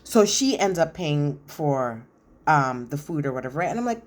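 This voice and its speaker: At a normal speed and in a low voice, a woman comments on a reality show in a casual, opinionated recap. She retells the scenes animatedly, adding slang asides.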